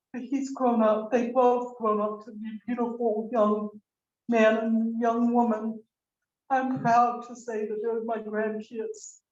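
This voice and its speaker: A woman's voice: fairly high pitch, mellow. Older woman telling stories at a memorial. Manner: rambling, candid, acts out quoted dialogue. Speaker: mourner giving a eulogy. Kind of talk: memorial eulogy, storytelling. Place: memorial service room. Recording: roomy, muffled video-call audio.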